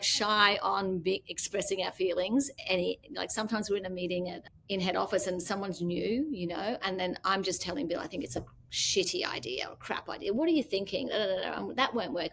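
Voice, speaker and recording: A woman's voice: mid-range voice, gravelly, slight background noise. A middle-aged Australian woman, a business founder, chatting as an interview guest and acting out quoted dialogue as she tells stories. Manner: animated storyteller, acts out quoted dialogue. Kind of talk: casual interview chat.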